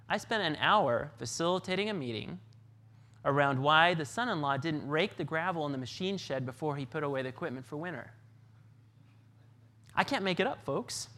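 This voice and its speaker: A middle-aged man giving a folksy storytelling talk as a consultant, acting out dialogue with lively energy. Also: a little high. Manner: folksy, animated, acts out dialogue.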